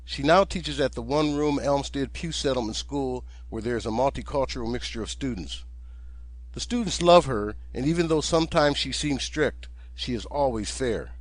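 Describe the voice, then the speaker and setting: A man, the author, narrating his own audiobook in a steady, gentle storytelling manner. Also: mid-range voice, normal speed, no echo.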